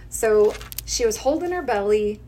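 A woman's voice: fairly high pitch, normal speed, a little hiss or hum. A woman esthetician in her thirties hosting a casual chat, telling stories with lots of giggling. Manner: giggly, animated storyteller.

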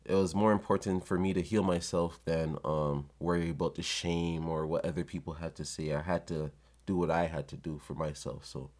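A man's voice: sits low, flat delivery, moderate pace, a little mellow. A man talking casually and bluntly, giving street-wise motivational advice in a monologue.

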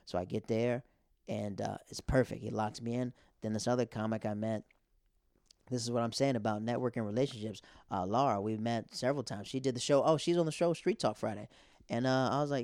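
A man's voice: mid-range voice, brisk, gravelly, darkish tone, no echo. Young male comic host, loose rambling monologue, dry close mic. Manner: rambling, conversational, filler-heavy. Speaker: podcast host and stand-up comic. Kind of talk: casual monologue.

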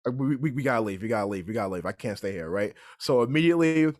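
A young man telling a story in casual chat, animated and repeatedly asking "right?". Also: mid-range voice, very fast. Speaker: podcast guest storyteller.

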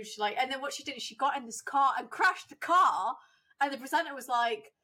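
A young woman chats on a casual podcast, animated and lively as she acts out what other people said. Her voice sits a bit high and rings bright. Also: fast talker. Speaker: podcast co-host. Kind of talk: casual chat.

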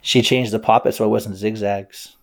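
A man's voice: fairly low pitch, fairly even intonation, moderate pace. A man improvising a bedtime story aloud, playful, with silly sound effects.

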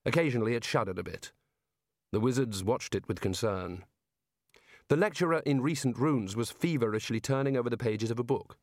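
A man narrating an audiobook in an expressive reading voice. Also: medium pitch, fairly quick, no room sound, studio quality. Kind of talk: scripted narration.

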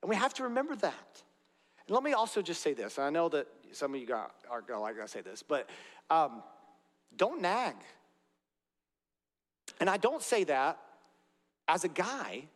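A man's voice: fairly high pitch, wildly swooping pitch, normal speed, pauses often. A man preaching a sermon as pastor, earnest and direct, with conversational asides to the congregation in a church. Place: church sanctuary. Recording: long reverb of a large hall.

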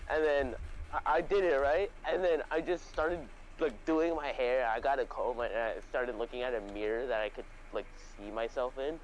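A young man in the middle of a laid-back storytelling chat, rambling and swearing freely and circling back on his own words. His voice sits at an ordinary pitch, and a faint hiss of noise runs under the recording. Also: moderate pace, rough recording. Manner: rambling, profane, full of fillers and restarts. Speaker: podcast host.

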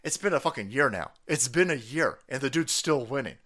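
A man's voice: medium pitch, lively intonation, a little fast, sharp tone. A man ranting profanely and mockingly on his own stream as its host, laughing often. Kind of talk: profane political rant.

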